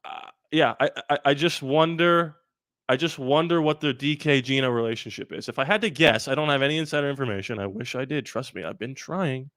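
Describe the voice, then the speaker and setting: A man hosting a live sports talk stream, animated and rambling with quick asides. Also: mid-range voice, no room sound, clean studio sound. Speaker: sports channel host.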